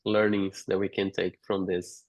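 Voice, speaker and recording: A man hosting a healing group call, gentle and encouraging over a video call. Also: sits low, level tone, a little slow. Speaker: call host.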